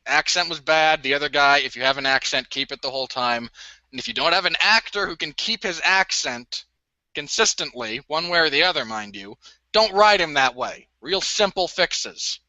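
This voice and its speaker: A man's voice: on the high side, lively intonation, moderate pace, sharp tone, no room sound. A man co-hosting a podcast, ranting sarcastically about a movie in casual chat. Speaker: podcast co-host. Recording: dull lo-fi dry audio.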